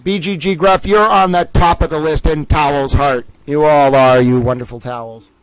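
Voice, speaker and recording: A man's voice: on the high side, fairly even intonation, normal speed, clear, resonant tone, no echo, low-quality recording. A man hosting a casual livestream, playful and jokey, switching between chat and game-show style trivia announcing. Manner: playful, jokey, self-mocking. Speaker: livestream host.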